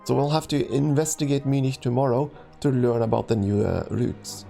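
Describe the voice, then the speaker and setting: A man's voice: medium pitch, moderate pace, creaky, dark tone, soft background music. A man streaming a let's play, chatting casually and reading a story game's text aloud with frequent ums, restarts and chuckles.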